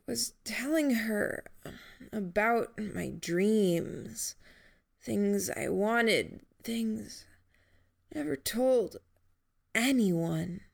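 A woman voicing a badly injured young man who speaks in reedy, breathy, broken phrases and is out of breath. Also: mid-range voice, extremely slow, pauses often, voice pushed up. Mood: weak, halting.

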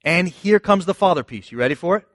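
A man's voice: sits high, lively intonation, fast, no echo, studio quality. A man pastor preaching a sermon in a conversational, emphatic way, often asking the listeners rhetorical questions.

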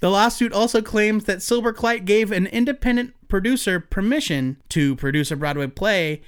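A man's voice: high voice, normal speed, smooth. A man co-hosting a casual comics podcast, wry as he reads news items aloud. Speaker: podcast co-host.

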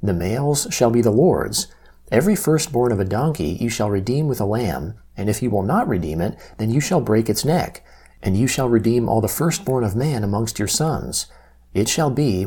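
A man reading Bible passages aloud in a steady, measured way, with quoted lines lifted slightly. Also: lowish voice, husky. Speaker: Bible reader.

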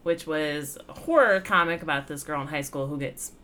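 A woman's voice: deep voice, moderate pace, pushed and bright. A woman in casual conversation, reviewing a comic with chatty, rambling talk and easy laughs. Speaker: podcast co-host reviewing comics. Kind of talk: casual chat.

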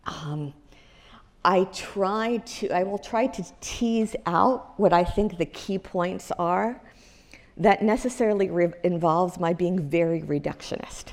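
A woman with a low voice gives a university lecture. She talks to the class in a loose, conversational way, full of fillers and restarts. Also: slow. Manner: conversational, many fillers and self-corrections, occasional laughs. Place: lecture hall.

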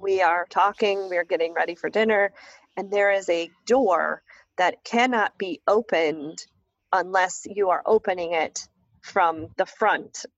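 A woman's voice: lowish voice, a little slow, no echo. A woman guest telling a story in casual conversation, acting out the voices of the people she quotes. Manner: animated, acts out quoted voices. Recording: dull lo-fi dry recording.

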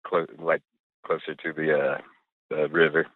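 A man's voice: extremely low pitch, flat delivery, measured pace, dry recording. A middle-aged man, a musician guest, talking loosely in a casual interview, rambling with lots of fillers and the odd swear word. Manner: laid-back, rambling, heavy on fillers and swearing. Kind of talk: casual interview chat over a call. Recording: tinny phone-like remote line, dry.

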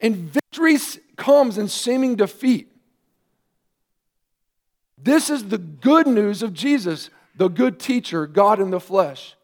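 A man, a pastor, preaching a sermon earnestly, with emphatic rising questions and quieter asides. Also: high voice, animated, slow pace.

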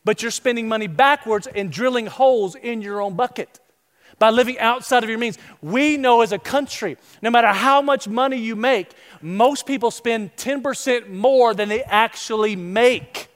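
Animated high-voiced male preacher in a hall. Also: normal speed. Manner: animated, acts out quoted voices. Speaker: pastor. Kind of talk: sermon.

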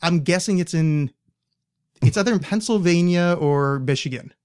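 A man's voice: fairly high pitch, moderate pace, a little mellow, clear, resonant tone. A young man hosting a podcast, chatting casually in a rambling, sardonic way and swearing freely. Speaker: podcast host. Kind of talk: casual chat.

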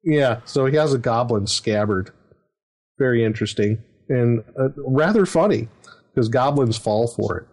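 A man's voice: medium pitch, lively intonation, moderate pace, darkish tone. A middle-aged man, a dungeon master, telling a story in casual chat, rambling with fillers and chuckles. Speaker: dungeon master, podcast host.

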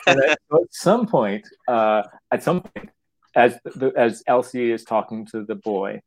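A man who writes plays, talking casually in an interview, halting and restarting his words and acting out little quotes. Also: mid-range voice, rough recording. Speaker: playwright.

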